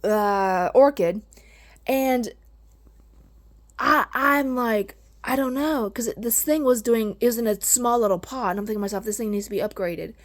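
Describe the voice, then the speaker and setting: A woman talking casually about her plants in a vlog, gushing and excitable, with a chatty, rambling manner. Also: on the high side, normal speed. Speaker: vlogger.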